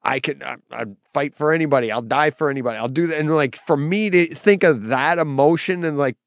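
A middle-aged man, co-hosting a podcast and telling stories in a lively, laughing way. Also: a little high, brisk, no room sound. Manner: animated storyteller, laughs easily. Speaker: podcast co-host. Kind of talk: casual chat.

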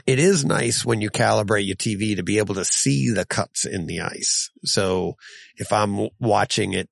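A man hosting a casual solo podcast, reading listener mail in a rambling, self-correcting way and chuckling often, his voice going hoarse. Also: on the low side, normal speed, no room sound. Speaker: podcast host.

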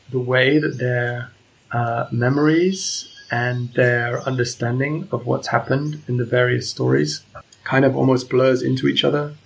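Male presenter, casual literary talk: husky, gravelly, flat delivery, halting. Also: mid-range voice, low-quality recording. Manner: hesitant, many ums and restarts. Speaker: book discussion presenter.

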